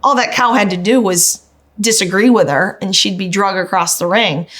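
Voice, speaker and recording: A woman's voice: mid-range voice, moderate pace, fairly bright tone. A middle-aged woman farmer from upstate New York, telling a story in a documentary interview with heartfelt emotion. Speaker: farmer and mother.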